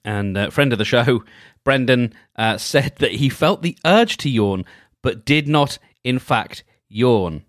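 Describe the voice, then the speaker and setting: A man hosting a solo podcast, leading a gentle, halting, reflective check-in with frequent restarts. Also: mid-range voice, lively intonation, no room sound, studio quality. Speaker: podcast host.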